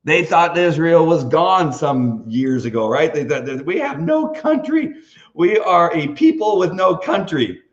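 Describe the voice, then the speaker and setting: A man's voice: fairly high pitch, a little slow, dull audio. A man hosting a live video stream, talking off the cuff in a rambling, emphatic way with lots of restarts. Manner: animated, emphatic. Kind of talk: off-the-cuff livestream monologue.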